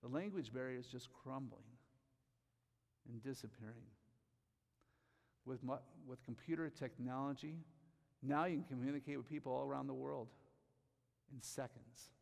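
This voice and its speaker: A man preaching a sermon, reading scripture slowly and rising to loud emphatic bursts on key phrases. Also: medium pitch, steady tone, creaky, big-room sound. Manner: reads scripture aloud slowly.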